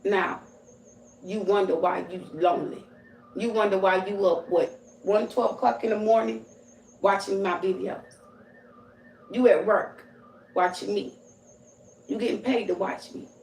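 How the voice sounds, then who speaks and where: A woman's voice: medium pitch, fairly even intonation, measured pace, creaky, long pauses, a little mellow, distant mic. Blunt woman scolding her viewers, roomy echo. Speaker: livestream host. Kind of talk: confrontational livestream rant.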